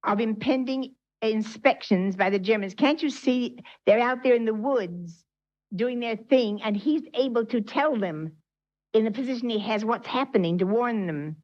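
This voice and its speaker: A woman's voice: medium pitch, a little mellow. A woman, a spiritual teacher, reads a story aloud to her class and breaks off to quiz her listeners. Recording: dull lo-fi 1980s tape.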